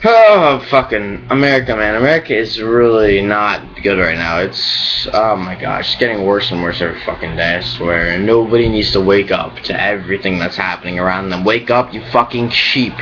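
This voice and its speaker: Low-voiced young man ranting profanely. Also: moderate pace, hardly any pauses, fairly bright tone, lo-fi sound. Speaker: vlogger. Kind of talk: casual rambling vlog.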